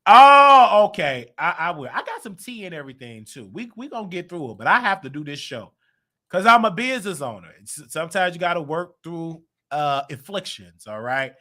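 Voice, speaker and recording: American male livestream host, chatty and animated, slightly high voice, keeps clearing his throat. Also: normal speed. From United States. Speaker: show host. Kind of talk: livestream commentary talking to the chat.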